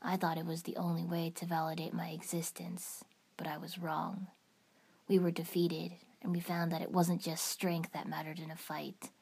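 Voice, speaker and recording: A woman voicing a grave, quiet teenage boy who speaks in a slow, raspy near-whisper in a fan fiction audiobook reading. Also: on the low side, level tone. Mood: solemn.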